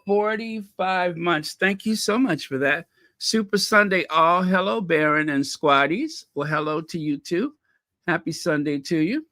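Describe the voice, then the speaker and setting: A channel host runs a casual livestream, greeting chat viewers by name and tossing in playful, mock-posh asides. His voice is high, expressive and a little slow with a sharp tone, recorded dry at studio quality.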